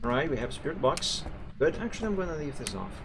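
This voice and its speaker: A man's voice: on the high side, very animated, fast, a bit bright, slight background noise. A man streaming a ghost-hunting game live, chatting with viewers and reacting as he plays. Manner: chatty, jumpy, talks to chat while playing. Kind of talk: live gameplay commentary.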